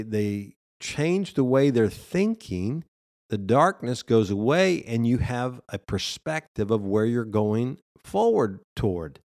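A man's voice: mid-range voice, vocal fry, a little mellow, no echo, studio quality. A man preaching a sermon in a conversational way, often laughing and restarting his sentences. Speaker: pastor.

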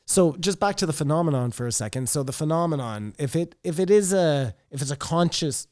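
A man's voice: a little high, lively intonation, brisk, a little mellow, no echo, studio quality. A man co-hosting a podcast, chatting casually and rambling, often trailing off mid-thought. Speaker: podcast co-host. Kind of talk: casual chat.

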